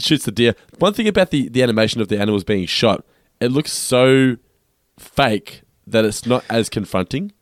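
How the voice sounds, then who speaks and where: A man co-hosting a podcast, recapping scenes in steady, low-key casual chat. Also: no echo, studio quality. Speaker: podcast co-host.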